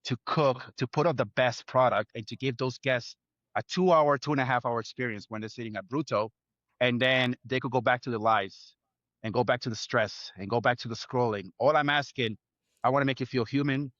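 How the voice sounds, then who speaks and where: A man's voice: medium pitch, fairly quick, a bit bright, no echo, highs cut off. A man, a chef, speaking earnestly in an interview, building his points in short lists. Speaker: chef guest. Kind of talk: reflective interview talk.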